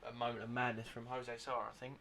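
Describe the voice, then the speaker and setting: A young man talking football on a podcast in a loose, rambling way. His voice is bright and forward, with an average pitch. He often restarts his sentences and trails off mid-thought. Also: monotone, fast. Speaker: podcast co-host. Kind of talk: casual football chat.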